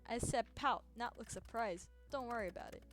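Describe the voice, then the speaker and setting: A woman's voice: fairly high pitch, brisk, fairly bright tone, soft background music. Playful teasing woman streamer. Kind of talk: casual game playthrough.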